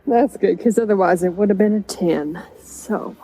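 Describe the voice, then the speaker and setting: A woman's voice: medium pitch, normal speed, hardly any pauses, warm tone, faint music behind, low-quality recording. A woman playing a tabletop game in character, speaking in a genteel, theatrical dandy manner. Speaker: player.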